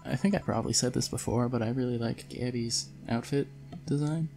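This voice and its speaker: A man's voice: medium pitch, a little fast, vocal fry, dark tone, faint music behind. A man reading a game's text aloud and adding his own plain asides as he plays. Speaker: gameplay narrator.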